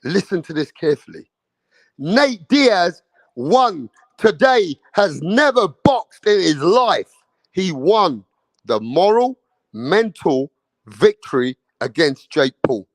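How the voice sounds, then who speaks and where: Slow-talking excitable man. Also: high-pitched, dry recording, clean studio sound. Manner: excitable, laughing, slangy. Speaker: boxing commentary vlogger. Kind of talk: casual reaction commentary.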